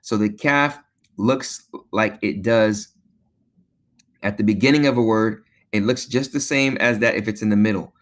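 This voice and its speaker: A man teaching a beginner lesson, patient, repeating each sound slowly and checking in with "okay?" often. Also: lowish voice. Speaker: Arabic teacher.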